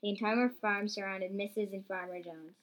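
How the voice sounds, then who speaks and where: A woman reading a homemade farm story aloud in a lively, plain way. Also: medium pitch, normal speed, noisy background.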